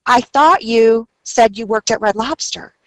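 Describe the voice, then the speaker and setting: A hurried, bossy woman manager who talks in a rushed, impatient way, with a fairly high voice, as a woman retells her words in a story. The sound is dry and close. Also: no echo, lightly acted, low-quality recording. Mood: exasperated.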